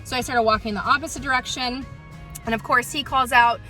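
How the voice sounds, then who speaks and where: A woman's voice: a little high, brisk, sharp tone, soft background music. A woman dog trainer in a casual vlog, chatting and retelling stories with lots of ums.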